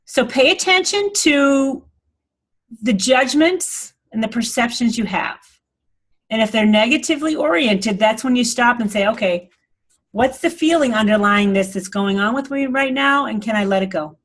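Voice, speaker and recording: A woman's voice: on the high side, expressive, moderate pace. A woman giving an earnest, rambling spiritual talk to an online group, laughing often. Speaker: spiritual teacher.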